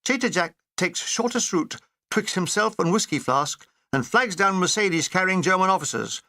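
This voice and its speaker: A man's voice: high-pitched, expressive, moderate pace, sharp tone, no echo. A man reading a wartime memoir aloud in a dry, wry comic manner. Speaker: narrator.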